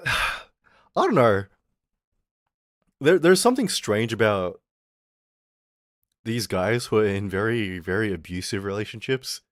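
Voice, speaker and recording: A young man chats loosely on a livestream, cursing and chuckling as he rambles. His pitch swings widely, rising and falling as he talks. The sound is close and dry. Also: very animated, measured pace, pauses often, no room sound. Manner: rambling, profane, laughing often. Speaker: streamer. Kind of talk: casual livestream chat.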